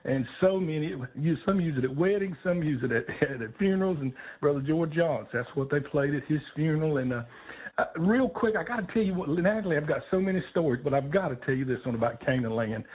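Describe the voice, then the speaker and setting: A man's voice: a little high, lively intonation, fast, breathy edge. An older man, a gospel songwriter, telling stories on a radio show, emotional and laughing often. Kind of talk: heartfelt storytelling on a radio call-in. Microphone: phone. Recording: tinny phone line.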